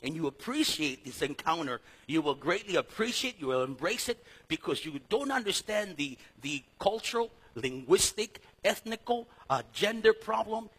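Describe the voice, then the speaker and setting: A middle-aged man leads a Bible study in a high, bright, husky voice. He talks in a lively, casual way, swings from loud to soft, and keeps calling the crowd "man" and "dude." He grew up speaking Spanish. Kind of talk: sermon.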